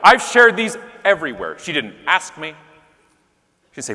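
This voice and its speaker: Animated man telling a comic keynote story. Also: fairly high pitch, a little slow, pauses often. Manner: animated, joking, talks to the crowd. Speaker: keynote speaker. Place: large conference hall with live audience. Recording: long hall reverb.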